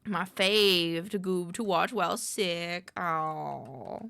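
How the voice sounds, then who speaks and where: A woman's voice: on the low side, slow pace, gravelly, sharp tone, clear, resonant tone, no echo. A woman streamer in casual live-stream chat at a desk microphone, rambling, muttering lists to herself and greeting her chat.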